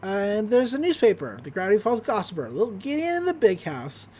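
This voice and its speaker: A woman hosting a podcast, casually recapping a cartoon episode with quick bits of character voices. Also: mid-range voice, a little hiss or hum. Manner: animated retelling with quick character voices and laughs. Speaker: podcast host.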